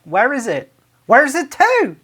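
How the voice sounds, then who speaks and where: A man with a Cornish accent, a radio DJ, doing a comic monologue where he reads out sayings and throws in loud, exaggerated dialect phrases. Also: very high voice, wildly swooping pitch, slow, slightly rough.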